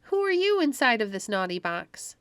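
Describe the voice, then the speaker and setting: A woman's voice: on the high side, very animated, normal speed, a bit bright, clear, resonant tone, dry recording, pitched above the performer's own voice. A woman doing a young, earnest girl. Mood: upset. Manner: earnest, pleading. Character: curious, tearful young girl, Pandora. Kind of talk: storybook read-aloud.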